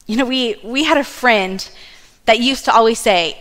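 A woman in her thirties giving a sermon in a church, telling family stories with lively asides. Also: fairly high pitch, unhurried, long reverb tail. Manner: warm storytelling with asides and laughs. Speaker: church speaker. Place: church sanctuary.

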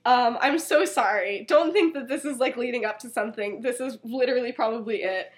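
A woman's voice: fairly high pitch, fairly quick. A young woman co-hosting a podcast, casually retelling a story in a chatty way, full of "like" and frequent laughter. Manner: chatty, fills with "like", breaks into laughter. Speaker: podcast co-host.

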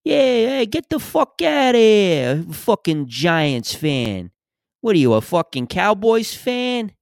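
A man's voice: high voice, sing-song, slow pace, vocal fry, no echo, studio quality, pitched above the performer's own voice, exaggerated voice. A man putting on a brash, profane male sports fan with a thick big-city accent. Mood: brash mocking.

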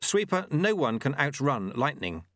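Reading an audiobook, a man voices an anxious young apprentice monk, pitching above his own voice. The delivery is mid-range, sing-song and a little slow with a fairly bright tone, clean studio sound and no echo.

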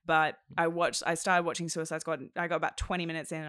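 A woman's voice: low-pitched, flat delivery, fast talker, fairly bright tone, smooth, no room sound, studio quality. A woman chatting casually about films, rambling with lots of fillers. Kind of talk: casual chat.

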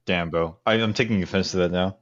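A man's voice: low-pitched, steady tone, a little fast, highs cut off, a crowd in the background. A man and podcast co-host in casual chat, hesitant and giggly.

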